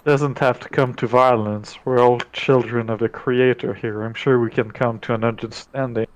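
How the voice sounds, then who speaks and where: A man's voice: medium pitch, steady tone, normal speed, close to an everyday voice. A man plays a polite cleric-like diplomat in a tabletop game, courteous and soothing in tone. The voice comes over dull, lo-fi audio. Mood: placating.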